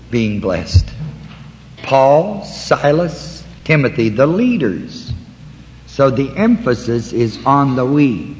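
A man teaching a Bible study, slowly walking listeners through word references in a deliberate way. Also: medium pitch, big pitch swings, in a large hall, rough recording. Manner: slow, deliberate, pausing to point out references.

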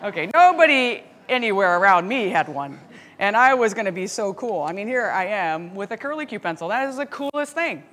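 A woman teaching a Bible study, telling a story with lively laughs and asides. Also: medium pitch, fairly quick, slight background noise. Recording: long hall reverb.

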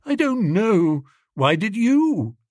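A man voicing a lovesick young gentleman who talks earnestly and anxiously. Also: sits high, very animated, slow pace, no room sound, clean studio sound, voice pushed up, heavily acted. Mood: fretful. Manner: earnest, fretful, pleading.

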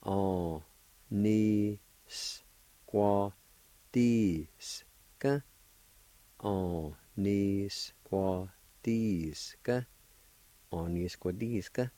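A middle-aged man from Oklahoma, US, with a lowish, darkish voice, patiently spells and sounds out words as a language teacher hosting a radio lesson. He's encouraging, and the audio is poor with no room sound.

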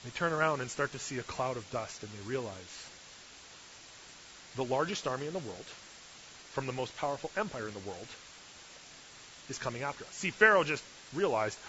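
A man preaching an animated sermon, telling the story with acted-out voices and dropping from hushed tones to loud bursts. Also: medium pitch, normal speed, long pauses. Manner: lively, acts out voices, shifts from hushed to loud. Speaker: pastor. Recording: dull lo-fi recording with faint hiss.

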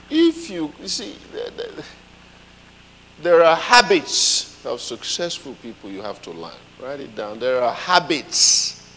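A man preaching a sermon, telling a story with lively comic voices. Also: mid-range voice, in a large hall, slight background noise, low-quality recording.

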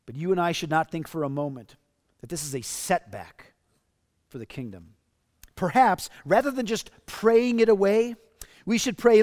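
Man, pastor, sermon, emphatic, slightly high voice, long reverb. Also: moderate pace, darkish tone. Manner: earnest, emphatic preaching with paraphrased quotes.

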